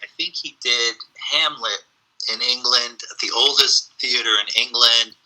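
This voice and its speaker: Very bright-voiced man, storytelling guest. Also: mid-range voice, unhurried, rough recording. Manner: animated storyteller, frequent fillers. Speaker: podcast guest, spiritual teacher. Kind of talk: casual reflective conversation.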